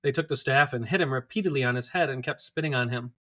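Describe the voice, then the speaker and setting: A man reading scripture aloud in a steady, clear manner. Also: mid-range voice, quick pace. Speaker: scripture reader.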